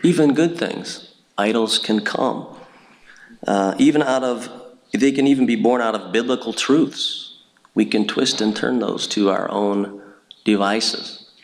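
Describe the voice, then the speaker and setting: A man's voice: on the low side, fairly even intonation, unhurried, gravelly, low-quality recording. A middle-aged man from Indiana giving a personal testimony talk at church, telling stories earnestly with frequent fillers and restarts. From Indiana, USA.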